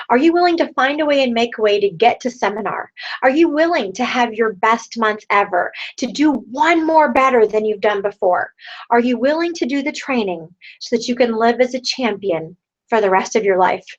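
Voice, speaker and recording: High-pitched woman fired up, pep talk to her team over a muffled video call. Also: animated, normal speed. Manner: rousing, repeats rhetorical questions. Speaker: sales team leader. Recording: dull lo-fi online video call.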